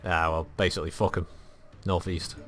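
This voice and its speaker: A man from northwest England, co-hosting a casual stream chat, quick to react and freely swearing. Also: sits low, flat delivery, fairly bright tone, faint music behind.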